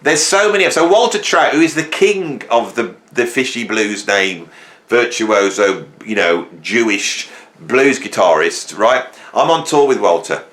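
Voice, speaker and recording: A man from England rambles through a comic monologue in a mid-pitched voice. He tells stories with a joking, stirring tone and leaps up and down in pitch. He sounds like a host talking straight to his viewers. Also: unhurried. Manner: rambling, joking, animated storytelling with sudden pitch jumps.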